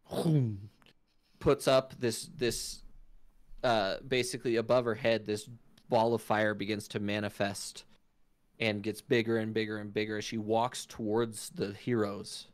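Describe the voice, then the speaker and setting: A man acts as game master for a tabletop game, narrating the story with animation and making sound effects out loud. His voice is lowish and his pace measured, in a dry recording.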